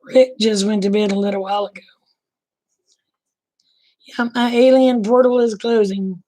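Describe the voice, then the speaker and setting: Casting: middle-aged woman, Oklahoma accent, relaxed folksy stream host, flat delivery, slightly rough throat. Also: mid-range voice, moderate pace. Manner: relaxed, folksy, talks to viewers by name. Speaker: livestream host chatting with viewers. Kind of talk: casual late-night chat.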